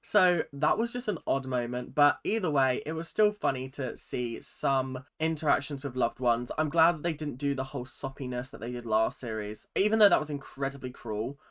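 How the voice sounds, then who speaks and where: A vlogger ranting casually about a reality show, animated and swearing freely. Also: mid-range voice, moderate pace, few pauses. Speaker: YouTube recap vlogger.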